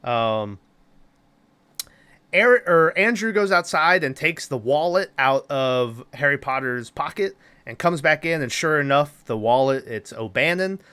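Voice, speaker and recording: A man's voice: fairly high pitch, animated, unhurried, bright, forceful tone, clean tone. A man co-hosting a podcast, giving a rambling, casual movie recap, swearing and laughing often. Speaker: podcast co-host.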